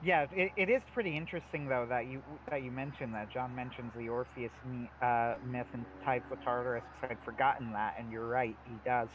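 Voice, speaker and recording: A man's voice: mid-range voice, steady tone, brisk, hardly any pauses, slight background noise, low-quality recording. A man co-hosting a livestream in casual chat, telling stories animatedly with many fillers. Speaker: livestream co-host.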